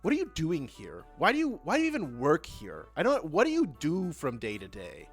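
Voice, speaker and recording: A man's voice: mid-range voice, big pitch swings, a little slow, soft background music. A man voicing an overworked male elf doctor in a tabletop game, speaking in a precise, clinical and exasperated way.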